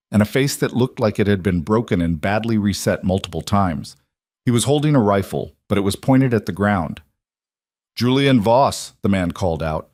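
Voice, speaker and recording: A man giving tense, measured scripted audiobook narration of a crime thriller. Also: fairly low pitch, darkish tone, no echo, studio quality.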